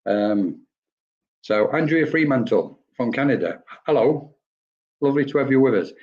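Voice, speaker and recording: A chatty man talks through spirit readings on a live stream. He rambles, greets viewers by name and laughs easily, and his voice sits at an ordinary middle pitch. The audio is slightly dull and lo-fi. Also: lively intonation, normal speed, a little mellow. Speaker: medium giving spirit readings.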